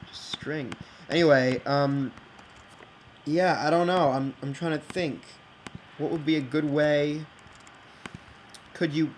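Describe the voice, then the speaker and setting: A man thinking out loud while building in a block game, rambling and hesitant, with many fillers and restarts. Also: fairly high pitch, slight background noise, rough recording. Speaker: game video creator. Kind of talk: casual think-aloud game commentary.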